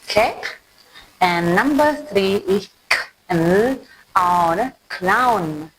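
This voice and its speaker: A woman's voice: mid-range voice, expressive, very slow, noisy background. A woman from Cambodia with a Cambodian accent, teaching an English phonics lesson and repeating each word several times with simple explanations. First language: Khmer.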